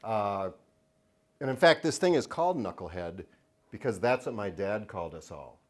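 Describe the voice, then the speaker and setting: A man's voice: lowish voice, lively intonation, moderate pace. Joking man giving a funny lecture. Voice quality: joking, self-mocking, laughs often between lines. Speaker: children's book author giving a talk. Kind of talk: humorous lecture to an audience. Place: lecture hall at a university event.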